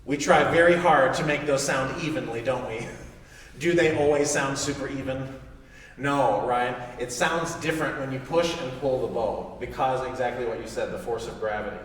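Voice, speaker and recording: A man's voice: medium pitch, moderate pace, fairly bright tone. A man teaching a saxophone master class. He quizzes the student in an encouraging way and sings articulation syllables to demonstrate them. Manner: encouraging, asks the student questions. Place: recital hall with audience. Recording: distant, echoey hall recording, faint noise.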